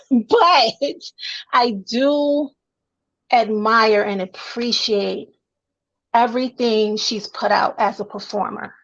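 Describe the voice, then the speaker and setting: A high-pitched woman chats on a casual livestream, hammering her points home to the viewers. Her audio sounds dull and lo-fi, as if coming through a weak connection. She talks with a Brooklyn-born woman's easy directness. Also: slow pace, fairly bright tone. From Brooklyn, New York. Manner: emphatic, repeats points for the chat. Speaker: co-host of a gossip livestream.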